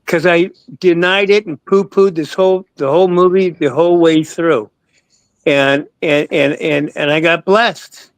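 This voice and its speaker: A man's voice: on the high side, fairly even intonation, a little slow, dry recording, rough recording. Older man telling rambling stories. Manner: rambling, repeats words, swears freely. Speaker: guest actor. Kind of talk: casual storytelling interview.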